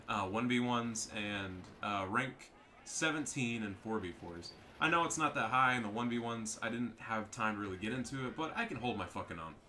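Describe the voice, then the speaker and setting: A man's voice: medium pitch, sharp tone, slight background noise. A man giving profane, trash-talking commentary over a strategy game match. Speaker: gameplay commentator.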